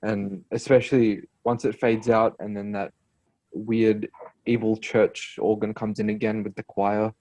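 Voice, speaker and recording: A man's voice: fairly low pitch, flat delivery, measured pace, a little mellow. A man co-hosting a podcast in casual chat, hesitant and searching for words as he talks music. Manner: hesitant, many fillers and restarts.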